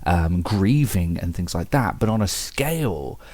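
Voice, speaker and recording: A young man rambles through his thoughts for his channel, circling back with fillers and self-mocking swears. His voice sits on the low side, and the sound is dry and close with no room around it. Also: lively intonation, measured pace, mellow, dry recording. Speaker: vlogger. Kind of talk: reflective casual monologue.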